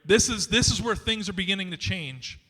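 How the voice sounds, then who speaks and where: A man's voice: sits high, lively intonation, a little fast, sharp tone, in a large hall. A man preaching a sermon as pastor, talking conversationally and acting out scenes from the scripture. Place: church sanctuary.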